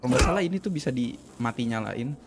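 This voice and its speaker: A man's voice: mid-range voice, expressive, fast, very noisy. A man giving casual, hesitant gameplay commentary with frequent fillers and laughing asides. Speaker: gameplay streamer. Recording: game music playing loudly.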